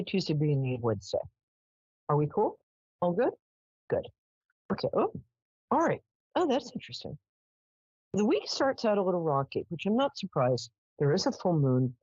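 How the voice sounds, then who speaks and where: A woman hosts a live psychic call-in show in a low voice that moves around a lot in pitch. She talks casually with many "um"s and laughs. The sound is a bit husky, dry and lo-fi. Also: dry recording. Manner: chatty, animated, lots of "um"s and laughs. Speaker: psychic radio host.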